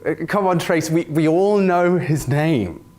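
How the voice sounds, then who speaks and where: A man's voice: a little high, measured pace, a little mellow, slight background noise. A man hosting an esports comedy sketch, flustered and stammering as he talks. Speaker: esports broadcast host.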